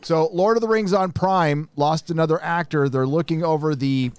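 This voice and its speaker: A man co-hosting a casual live stream, excitable and reading viewer messages aloud. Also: fairly high pitch, moderate pace, clean tone. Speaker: co-host of a live show.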